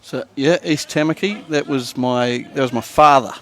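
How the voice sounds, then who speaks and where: A man's voice: medium pitch, normal speed. A man from New Zealand with a New Zealand accent, co-commentating lawn bowls in an easygoing way with short replies. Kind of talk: live sports commentary.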